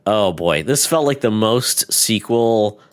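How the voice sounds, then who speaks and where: Male podcast host, lower pitch, animated casual talk, acts out quotes. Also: takes it slowly, clear, resonant tone, dry recording. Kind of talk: casual chat.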